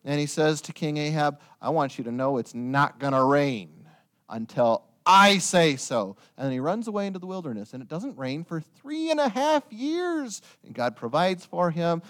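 A man preaching a sermon, retelling a story with lively storytelling and joking asides to his listeners. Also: a little high.

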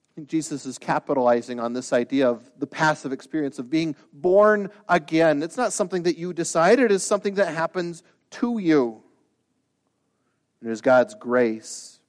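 A man's voice: on the high side, moderate pace. A man preaching a sermon as pastor. He talks in an earnest, conversational way, then builds to emphatic, rising bursts. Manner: conversational asides with restarts.

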